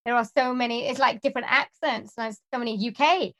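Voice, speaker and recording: Woman, voiceover artist guest, upbeat, chatty, voice sits a touch high. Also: fairly quick, a bit bright, highs cut off. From Wales. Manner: chatty and upbeat, laughs easily. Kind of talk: casual interview chat.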